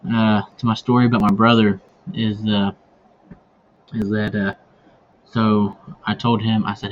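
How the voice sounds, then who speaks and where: Telling stories casually on his hunting podcast, the host rambles, restarting often and leaning on fillers. His fairly low voice stays level and unhurried with long pauses, and the dull lo-fi audio carries faint ambient noise.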